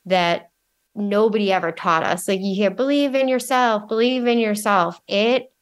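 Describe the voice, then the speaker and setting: Low-ish woman cohost, earnest, explains things slowly and thoughtfully. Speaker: podcast co-host. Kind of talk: reflective spiritual discussion.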